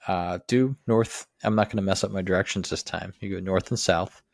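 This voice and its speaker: A man's voice: deep voice, a little fast, creaky, no room sound, studio quality. A man co-hosting a lawn care show, giving plain how-to advice with many hesitations. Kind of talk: casual instructional talk.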